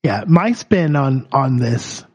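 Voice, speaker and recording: A man's voice: mid-range voice, expressive, takes it slowly, husky, poor audio. A man co-hosting a podcast in casual chat, with a laid-back, wry manner. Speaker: podcast co-host.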